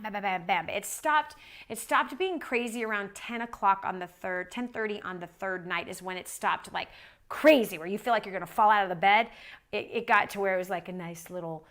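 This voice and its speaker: A woman's voice: mid-range voice, fairly bright tone. A woman preaching in a conversational storytelling way, repeating phrases for emphasis and dropping in tag questions like "right?". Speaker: Christian speaker. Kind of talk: storytelling sermon.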